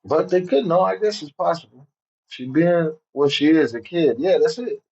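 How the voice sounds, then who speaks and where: A man's voice: a little high, expressive, moderate pace, a little mellow, slightly rough. A man co-hosting a livestream, chatting casually and talking to the viewers. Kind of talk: casual chat. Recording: dull lo-fi sound.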